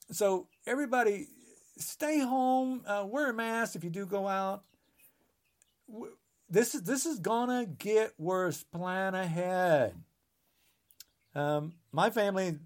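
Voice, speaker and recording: A man in his sixties delivering a heated, rambling podcast monologue, emphatic and full of restarts. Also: high-pitched. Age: 60s. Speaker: podcast guest.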